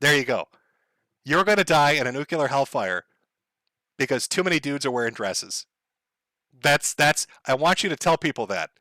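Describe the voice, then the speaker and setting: A man's voice: medium pitch, sing-song, moderate pace, long pauses, bright, forceful tone, no room sound. A man hosting a livestream, ranting in a sardonic, profane way and laughing often. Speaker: livestream host. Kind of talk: casual livestream rant.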